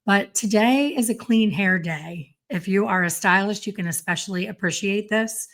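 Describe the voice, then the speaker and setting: A middle-aged woman hairstylist hosting a casual solo podcast, chatty and self-deprecating with quick asides. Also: mid-range voice. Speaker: podcast host and hairstylist educator.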